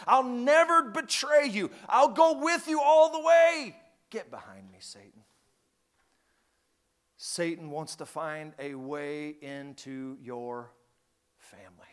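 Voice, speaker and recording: A high-voiced man preaches a sermon. He talks like a storyteller and climbs into loud, fervent outbursts.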